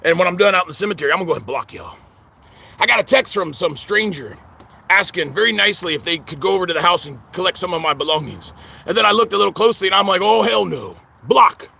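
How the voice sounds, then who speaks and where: Fast-talking gravelly man, stammering. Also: high voice, lively intonation, bright, forceful tone. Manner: repeats 'friends' constantly, stammering restarts. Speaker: vlogger. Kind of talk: rambling personal vlog. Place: outdoors at a cemetery.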